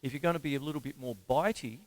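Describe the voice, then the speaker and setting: A man's voice: medium pitch, racing, over music. A man with an Australian accent, hosting a casual drum lesson, chatting with fillers and counting beats aloud in rhythm. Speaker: drum teacher and show host. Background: drum kit playing.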